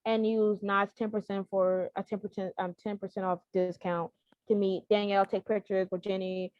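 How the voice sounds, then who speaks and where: A woman co-hosting a podcast, telling stories in a rambling, animated way with many restarts. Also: medium pitch, moderate pace, no echo, lo-fi sound. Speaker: podcast co-host. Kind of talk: casual chat.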